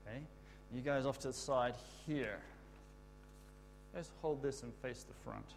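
Animated man leading a children's talk. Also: medium pitch, moderate pace, gravelly, slight background noise. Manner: animated, sets up call-and-response with kids. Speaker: children's talk leader at church. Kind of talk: children's sermon.

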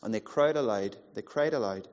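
A man in his forties preaching a sermon, animated and playful, acting out the voices in the story. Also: fairly low pitch, fairly quick. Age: 40s. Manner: animated, playful, acts out quotes. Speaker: pastor. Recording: muffled sound in a large hall.

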